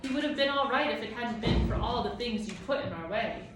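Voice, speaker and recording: A woman reading aloud as a worried young boy, earnest and desperate. Her voice echoes loudly around the room. It sounds distant from the mic. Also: fairly high pitch, brisk, noisy background, pitched above the performer's own voice, close to an everyday voice.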